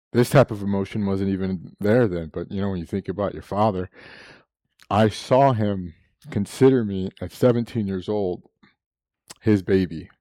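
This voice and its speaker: A man's voice: lowish voice, unhurried, long pauses, dark tone, no echo. A man preaching a sermon, telling a personal story with frequent laughs and moments of emotion.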